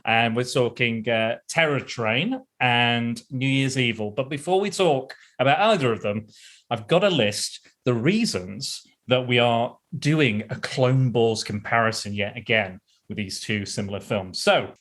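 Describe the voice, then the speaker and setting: A man's voice: mid-range voice, expressive, a little slow, fairly bright tone. A man hosting a casual podcast, recapping films in a rambling way with frequent laughs and restarts. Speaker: podcast host.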